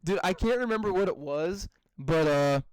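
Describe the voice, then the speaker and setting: A young man co-hosting a podcast, chatting casually and swearing a lot while telling animated stories. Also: sits high, moderate pace, smooth, no room sound, poor audio. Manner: profane, animated storytelling with mock voices. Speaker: podcast co-host. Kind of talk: casual chat.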